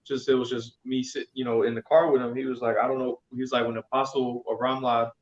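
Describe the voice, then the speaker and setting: Halting man talking in a roomy echo. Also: mid-range voice, level tone. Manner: halting, many "you know" fillers. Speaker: religious group member. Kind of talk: casual storytelling. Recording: roomy, dull sound.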